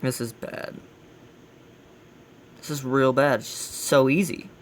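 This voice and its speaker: A man with a gravelly voice hosting a casual let's play, giving blunt, grumbling critique as he plays. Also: medium pitch, fairly even intonation, slow, slight background noise. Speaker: gaming channel host.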